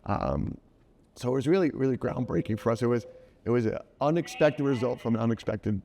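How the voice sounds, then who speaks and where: Animated storytelling man, middle-aged. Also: mid-range voice, a little fast, creaky. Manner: animated, acts out quoted voices. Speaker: guest, children's book author. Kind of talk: casual storytelling interview.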